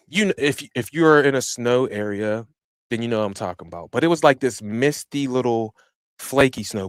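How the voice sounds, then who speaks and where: A man hosting a lawn care business podcast, telling stories in an animated, casual way with lots of slang. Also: mid-range voice, no echo, clean studio sound. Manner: animated storytelling with slang and shifts in loudness. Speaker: podcast host. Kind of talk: casual chat. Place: small home studio. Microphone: studio microphone he operates himself.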